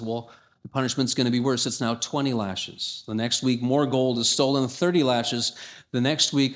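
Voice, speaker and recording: A man preaches a sermon with an emphatic delivery. His voice sits at an ordinary male pitch and climbs higher and louder when he reads scripture aloud.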